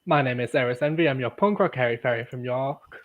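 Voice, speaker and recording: A playful, flamboyant man introducing himself on a podcast panel, his voice in an ordinary middle pitch. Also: quick pace, phone-quality sound. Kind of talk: casual panel chat.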